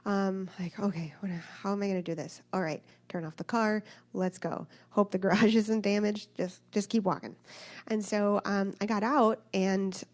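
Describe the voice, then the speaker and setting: A woman in her thirties telling a personal story in a church talk, acting out the voices of the people in it. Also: mid-range voice. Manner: animated, acts out voices of others in her story. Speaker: speaker sharing a personal story.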